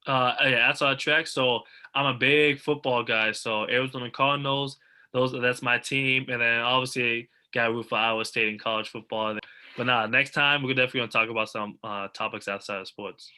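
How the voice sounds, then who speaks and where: A young man with a very bright, forward voice talks as a guest over a video call. He is animated and eager as he breaks down races, with the energy of a casual chat. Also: medium pitch, a little fast, smooth. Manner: animated, eager sports talk. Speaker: guest athlete.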